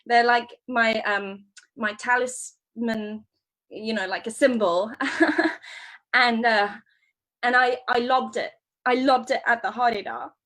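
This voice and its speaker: Scatterbrained, excitable bird-science student, high and rambling, as an actress improvises her. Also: slow pace, long pauses. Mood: anxious. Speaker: improv performer. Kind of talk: improvised first-person storytelling. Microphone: video call.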